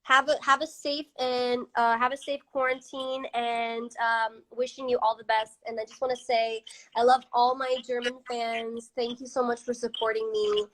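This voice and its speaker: A woman's voice: a little high, level tone, moderate pace, fairly bright tone, low-quality recording. A woman singer chatting casually in a live-stream interview on a phone, filling her talk with "like" and "you know". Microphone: phone on a live video stream.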